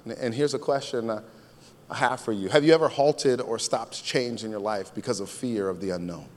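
A man's voice: mid-range voice, big-room sound. A man preaching a sermon as pastor, in a casual, conversational way, often repeating his key phrases.

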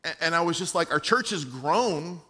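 A pastor delivers a sermon to his own congregation in a high, bright voice. He tells a personal story and moves between hushed, soft moments and emphatic, raised passages. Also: lively intonation, normal speed, husky. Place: church.

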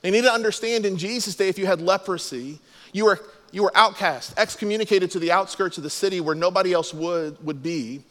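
A man's voice: high voice, a little fast, a bit bright, in a large hall. A man preaching a sermon as a pastor, explaining scripture and acting out the quoted lines.

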